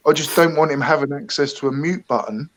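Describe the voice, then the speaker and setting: A man's voice: a little high, fairly quick, rough recording. A man hosting a live chat stream, talking loosely with lots of fillers like "like" and "you know". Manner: loose, filler-heavy storytelling. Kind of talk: casual chat.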